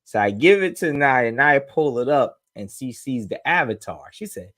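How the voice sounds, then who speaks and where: A man co-hosting a casual podcast chat, his pitch swinging widely as he tells stories. He slips into his parents' voices to act out family moments, animated and loose. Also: normal speed, few pauses. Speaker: podcast co-host.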